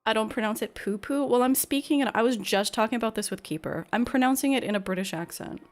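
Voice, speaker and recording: A woman's voice: fairly high pitch, quick pace, soft background music. A woman live-streaming a game, chatting casually with viewers in a chatty, giggly way.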